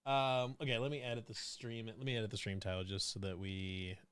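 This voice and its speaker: A man's voice: lowish voice, flat delivery, fairly quick, a bit bright, clear, resonant tone, dry recording. A man co-hosting a casual streamed chat, rambling and giggling, often repeating himself. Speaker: co-host.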